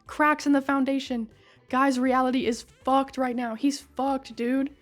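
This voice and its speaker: A woman's voice: high-pitched, fairly even intonation, a little slow, faint music behind. A woman casually recapping a game story, chatty and sarcastic, swearing freely.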